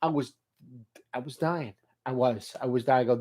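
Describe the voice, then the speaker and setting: A man's voice: medium pitch, moderate pace. A middle-aged man talking in a casual vlog monologue, telling funny stories, swearing freely and reading notes aloud. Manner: animated storyteller who swears and laughs freely. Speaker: motivational vlogger.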